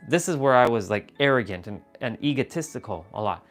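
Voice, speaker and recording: A man hosting a livestream from a room at home, telling a personal story in a casual, animated and confessional way, swearing freely. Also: mid-range voice, a little fast, faint music behind. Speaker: livestream host.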